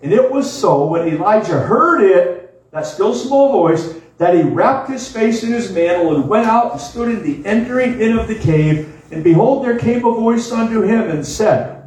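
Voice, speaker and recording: A man's voice: high voice, lively intonation, normal speed, darkish tone. An older male pastor preaching a sermon in a church, earnest and repetitive, drawing out words for emphasis. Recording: echoey room, mic far off.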